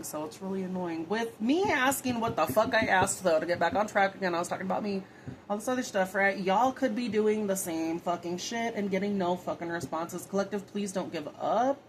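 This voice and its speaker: A woman's voice: mid-range voice, brisk, slight background noise, poor audio. A young woman reading tarot casually, rambling and swearing freely with lots of fillers. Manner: chatty, profane, rambling with frequent fillers. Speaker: tarot reader.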